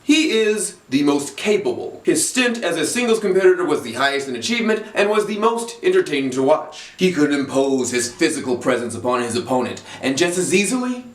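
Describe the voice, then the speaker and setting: A man doing comedic roast commentary in an animated, profane, mocking way. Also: fairly high pitch, a little fast, hardly any pauses, reverberant, distant mic. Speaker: comedy video creator.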